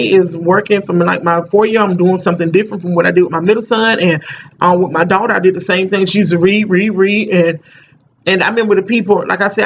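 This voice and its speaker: A woman's voice: on the low side, dull audio, a little hiss or hum. A middle-aged mother talking casually to the camera, emphatic and rambling, often repeating "you know what I'm saying.". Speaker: parent vlogger.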